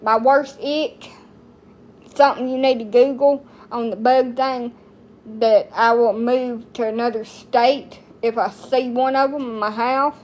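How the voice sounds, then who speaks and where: A woman's voice: a little high, steady tone, a little slow, darkish tone. A woman in her thirties from the United States, chatting casually to her viewers in a blunt, rambling way full of folksy slang. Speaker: TikTok streamer. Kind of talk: casual chat to camera.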